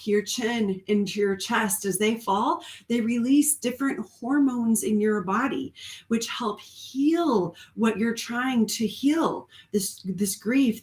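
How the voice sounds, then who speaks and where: A woman's voice: a little high, echoey room. A woman speaking as a spiritual coach on a live stream, talking earnestly and rambling with frequent ums and small laughs. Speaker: spiritual coach and card reader.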